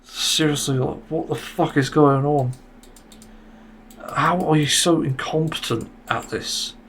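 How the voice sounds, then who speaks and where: Gravelly podcast host ranting with exasperation. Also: male voice, on the high side, fairly even intonation, slow pace, a bit bright, a little hiss or hum. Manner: exasperated, swearing. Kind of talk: solo podcast rant.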